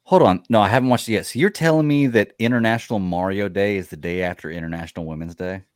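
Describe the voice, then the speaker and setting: A man's voice: fairly low pitch, fast, dry recording. A man hosting a casual podcast, joking around and laughing easily as he chats with his co-hosts. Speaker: podcast host.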